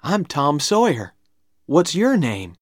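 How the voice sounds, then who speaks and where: Lady reading as a keen little schoolboy, voice pushed way up, slow and earnest, dry storybook sound. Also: low voice, very animated, no room sound, pitched above the performer's own voice, heavily acted. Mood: friendly. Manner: earnest, pleading. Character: eager talkative young schoolboy.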